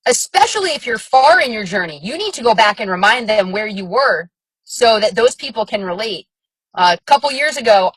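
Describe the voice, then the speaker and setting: A woman with a slightly raised, husky voice talks to her team in a frank, chatty way, filling her sentences with fillers as she coaches. The sound is dry and close, with no room around it. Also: a little high, fairly bright tone, no echo, rough recording. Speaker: fitness coach on a team call. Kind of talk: casual coaching talk.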